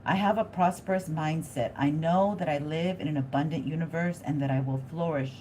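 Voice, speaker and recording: A woman hosting a live tarot reading, thinking aloud in a chatty, excitable way and talking straight to her viewers. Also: deep voice, fairly quick, a little hiss or hum. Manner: addresses viewers directly.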